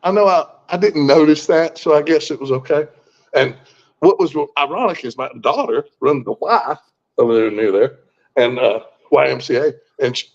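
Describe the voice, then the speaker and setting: A man in his sixties telling a personal story in a folksy, blunt way, swearing freely and often restarting his sentences. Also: mid-range voice. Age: 60s. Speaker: guest. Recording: muffled lo-fi recording.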